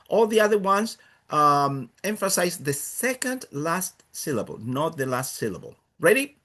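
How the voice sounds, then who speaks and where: A man's voice: high voice, fairly bright tone. A man teaching a beginner class, patiently walking students through verb conjugations with many fillers and check-ins. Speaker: Spanish teacher. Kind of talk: online class instruction.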